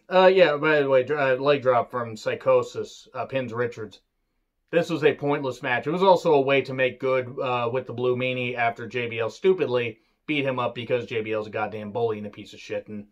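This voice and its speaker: A man's voice: medium pitch, brisk. Sarcastic ranting man, lo-fi recording. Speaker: wrestling reviewer. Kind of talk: casual opinionated review.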